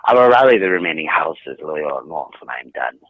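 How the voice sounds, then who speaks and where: A man's voice: rumbling low, sing-song, no echo, highs cut off, heavily acted. A man calling in to a show and voicing a sadistic, menacing young lord who taunts and threatens. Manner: taunting, threatening, slow and mocking. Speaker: caller. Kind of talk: live call-in impression.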